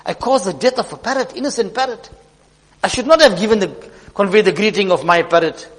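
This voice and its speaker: A man's voice: sits high, a little fast, close to an everyday voice. A man playing a devout merchant who owns a parrot, speaking in an emotional, exclamatory way. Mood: distraught. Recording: long hall reverb.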